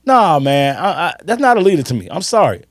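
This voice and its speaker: A man in his fifties holds forth on a sports podcast. His talk swings widely up and down in pitch, emphatic and salty, with stories that wind on. The sound is dry and close. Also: huge pitch swings, breathy edge, dry recording. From Chicago. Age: 50s. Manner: emphatic, swearing, drawn-out storytelling. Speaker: podcast co-host. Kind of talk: casual sports chat.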